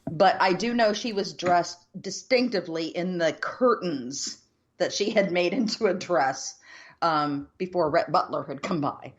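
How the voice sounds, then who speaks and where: A woman's voice: on the low side, unhurried, muffled recording. A woman from the United States co-hosting a podcast, chatting in a wry, casual way. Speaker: podcast co-host. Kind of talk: casual chat.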